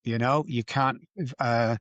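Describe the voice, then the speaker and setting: A man's voice: fairly even intonation, takes it slowly, fairly bright tone, no echo, highs cut off. A man as a podcast guest, speaking candidly and emphatically about addiction, repeating phrases for stress. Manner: emphatic, repetitive, rises in pitch for stress. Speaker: guest, addiction recovery doctor. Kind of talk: candid interview storytelling.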